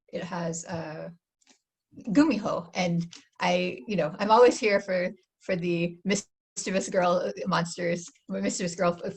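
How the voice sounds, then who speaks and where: A woman's voice: lowish voice, husky. A woman in her forties, an author, chatting enthusiastically on a video call and often restarting her sentences. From United States. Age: 40s. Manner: warm, enthusiastic, talks in quick restarts. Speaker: author guest. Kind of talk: casual interview chat.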